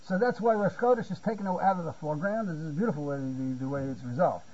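A Talmud teacher gives a Torah lecture in a rather high, fast, husky voice with a darkish tone, and the recording has its highs cut off. He often repeats words while searching for the right phrasing and keeps checking in with "you see?".

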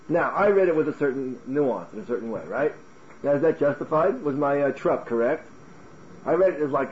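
A man teaching a Talmud class in an animated way, firing off rhetorical questions and restarting his words. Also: a little high, fairly quick, muffled recording, a little hiss or hum. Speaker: Torah teacher.

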